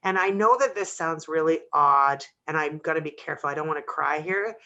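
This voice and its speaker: A woman's voice: sits low, a little fast, pushed and bright, dull audio. A woman hosting a radio interview, talking sincerely about her own dogs. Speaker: radio host.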